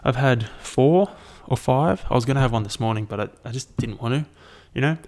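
A man's voice: mid-range voice, a little fast, a little mellow. A young man, rambling and swearing casually as he hosts a solo podcast. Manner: rambling, sweary, self-deprecating. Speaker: podcast host.

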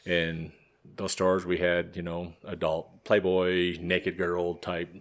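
A man's voice: sits low, slow pace. A man hosting a podcast, telling an anecdote in casual chat and swearing freely. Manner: animated storyteller, swears freely. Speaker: podcast host.

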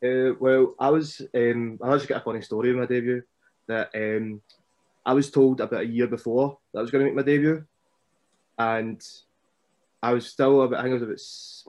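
A young man with a Scottish accent, a wrestler chatting casually as a podcast guest and telling stories in an animated way. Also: medium pitch, brisk. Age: young adult.

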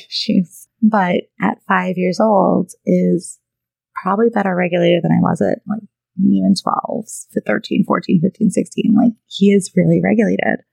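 Woman talking with heavy vocal fry. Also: mid-range voice, darkish tone, no room sound, rough recording. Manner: conversational, frequent "right?" and "you know" asides. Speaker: podcast host and therapist. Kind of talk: casual monologue.

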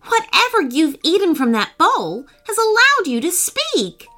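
A woman's voice: very high-pitched, very animated, a little slow, pushed and bright, faint music behind, pitched above the performer's own voice, heavily acted. A woman voicing a young girl who scolds her dogs in a children's story. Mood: lively. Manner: scolding, exclamatory.

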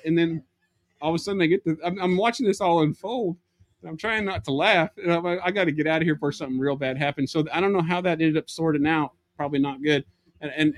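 A man, a podcast guest telling a comic story in an animated way, acting out voices and laughing as he goes. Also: on the high side, dry recording.

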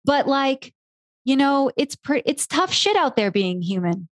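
Animated, storytelling woman podcast host. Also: high voice, a little slow, dry recording, studio quality. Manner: animated storyteller, playful analogies, mild swearing. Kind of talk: casual interview chat.

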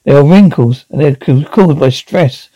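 A man's voice: fairly high pitch, a little slow, warm tone, no room sound. A man doing a prim, fretful housewife. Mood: exasperated. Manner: prim, exasperated.

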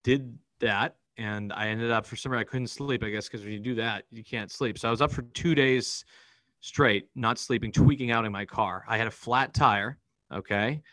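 A man, a podcast guest, telling a personal story in a rapid, profane, vivid way. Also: medium pitch, fairly bright tone, dry recording, low-quality recording. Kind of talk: candid storytelling in an interview.

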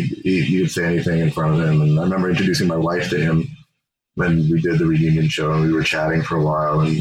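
A man reminiscing in casual chat, fond and unhurried, with many "you know"s. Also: extremely low pitch, a little hiss or hum, low-quality recording.

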